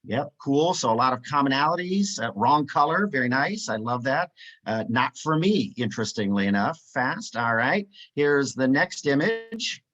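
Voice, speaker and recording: A man's voice: medium pitch, very animated, moderate pace, fairly bright tone. Guy running a webinar, chatty and upbeat, lots of uhs, kinda muffled call audio. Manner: upbeat, many "uh" fillers, reads out chat replies. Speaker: webinar presenter. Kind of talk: live webinar facilitation.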